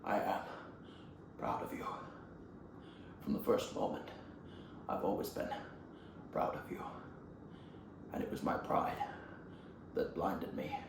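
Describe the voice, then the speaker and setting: A performer voicing an old male kung fu master who speaks softly and haltingly. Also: sits low, gravelly, roomy sound, noisy background, voice pushed down, exaggerated voice. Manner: soft, hushed and halting.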